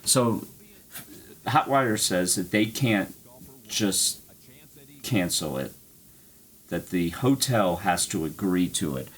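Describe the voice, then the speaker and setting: A man's voice: low voice, expressive, slow pace, pauses often, slightly rough. A man streaming an arcade golf game, telling a rambling story and swearing freely. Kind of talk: casual chat.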